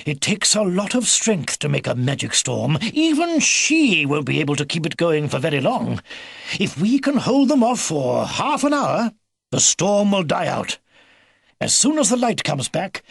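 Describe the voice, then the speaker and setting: A man's voice: on the high side, gravelly, breathy edge, no room sound, clean studio sound, heavily acted. A man voicing a kindly old beaver grandfather. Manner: hesitant, fatherly, says uh before orders. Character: elderly male beaver, kindly grandfather, steady.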